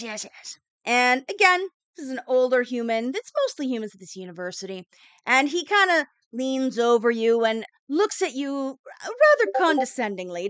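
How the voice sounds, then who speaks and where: A woman's voice: sits high, fairly bright tone, clean tone, dry recording. A woman narrating as game master of a tabletop role-playing game, describing scenes with frequent fillers.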